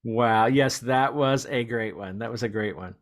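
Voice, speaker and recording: A man's voice: mid-range voice, normal speed. A man hosting a podcast, chatting casually with a guest and laughing often. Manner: chuckles often, relaxed and chatty. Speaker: podcast host. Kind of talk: casual chat.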